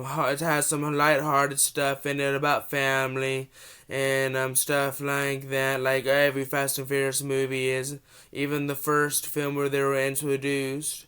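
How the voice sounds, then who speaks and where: Young guy with a cold rambling thru a movie review, smooth voice, kinda flat. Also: mid-range voice, a little slow. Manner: rambling, restarts, excited gushing. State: has a cold.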